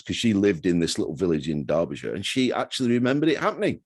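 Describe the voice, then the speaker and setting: A man's voice: sits low, very animated, quick pace, hardly any pauses, a little mellow, slightly rough. A man in his sixties, a guest telling chatty, self-deprecating stories in a casual interview. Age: 60s.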